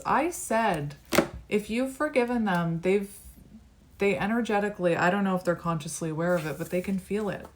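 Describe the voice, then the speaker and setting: A woman's voice: lowish voice, darkish tone, slight background noise. A woman giving a tarot reading to the camera, musing card by card in a reflective, conversational way. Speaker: tarot reader.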